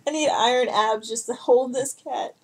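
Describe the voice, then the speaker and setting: A woman's voice: fairly high pitch, moderate pace, husky. A young adult woman chatting casually to camera, rambling, laughing often, and cooing baby talk at her cat. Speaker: vlogger.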